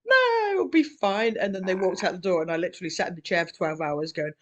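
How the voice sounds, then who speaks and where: A New woman talks in a loose, chatty way on a podcast, filling her story with "um"s and "you know"s. She rambles but keeps a warm, storytelling flow, with quick laughs between remarks. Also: on the low side, fairly even intonation, muffled recording. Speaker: podcast co-host. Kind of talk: casual conversation.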